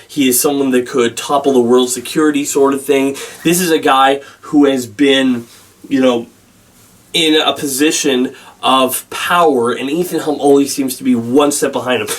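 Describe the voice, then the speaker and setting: Rambling man reviewing a film, slightly distant mic. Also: mid-range voice. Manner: rambling, halting, with many restarts and fillers. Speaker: movie reviewer. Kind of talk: casual spoken film review.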